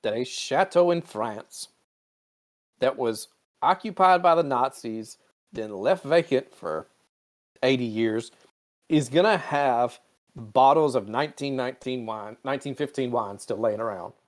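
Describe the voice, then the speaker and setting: A man's voice: medium pitch, unhurried. A man co-hosting a podcast, chatting casually and profanely, often slipping into mocking voices. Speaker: podcast co-host. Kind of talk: casual chat.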